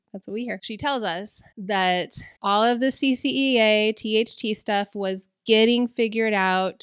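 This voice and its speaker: A woman serving as a school board trustee, telling a story in a chatty, animated way, full of "like" and "okay". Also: mid-range voice, clean tone, no room sound, studio quality. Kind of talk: casual podcast storytelling.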